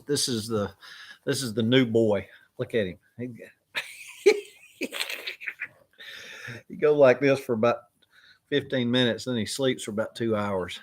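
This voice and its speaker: A middle-aged man, casually rambling through stories on a live chat, with lots of fillers. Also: medium pitch. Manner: rambling, drawling with many fillers. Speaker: live stream host.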